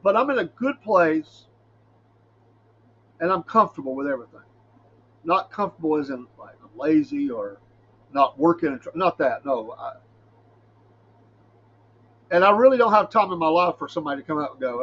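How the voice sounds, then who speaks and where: A man's voice: on the high side, animated, normal speed, pauses often, husky, lo-fi sound. A middle-aged man, a preacher hosting a podcast, talking in a folksy, rambling way and laughing often. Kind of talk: casual solo podcast talk.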